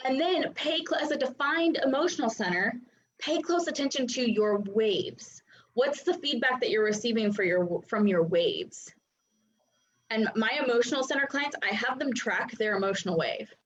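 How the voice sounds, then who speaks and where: A woman in her thirties coaching a live online class, chatty and animated, with many fillers. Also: a little high, moderate pace. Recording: dull lo-fi sound.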